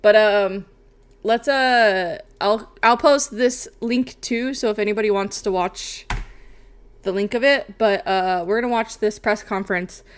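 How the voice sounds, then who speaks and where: A woman's voice: mid-range voice, measured pace, smooth. A young woman streamer chatting casually and rambling, swearing often and tagging lines with "bro" and "okay?". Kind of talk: casual livestream chat.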